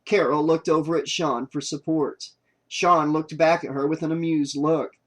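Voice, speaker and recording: Guy reading a horror novel audiobook, steady even pace, voice on the higher side. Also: normal speed. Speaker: audiobook narrator.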